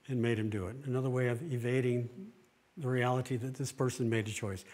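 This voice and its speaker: A middle-aged man, a pastor, giving a plain-spoken sermon-style talk, earnest, with pauses and restarts. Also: mid-range voice, steady tone, darkish tone.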